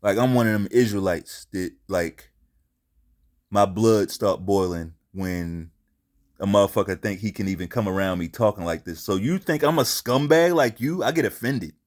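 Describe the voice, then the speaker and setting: A man's voice: fairly low pitch, moderate pace. A man hosting a casual commentary show, speaking bluntly and profanely and repeating himself for emphasis. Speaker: commentary channel host.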